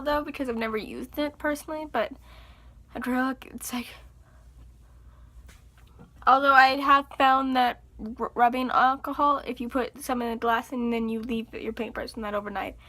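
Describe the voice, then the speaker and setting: A young woman chatting casually to her viewers, animated and chatty, acting out exasperated reactions. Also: high-pitched. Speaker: vlogger. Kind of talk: casual chat to camera.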